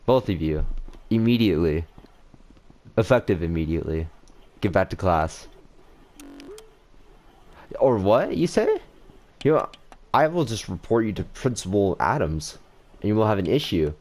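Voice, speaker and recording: A man's voice: on the low side, sing-song, moderate pace, long pauses, darkish tone. A man gaming online, playing a mock-stern, exasperated teacher and laughing often. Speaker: gaming video host. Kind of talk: playful teacher role-play in online game chat. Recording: busy online voice chat with many players.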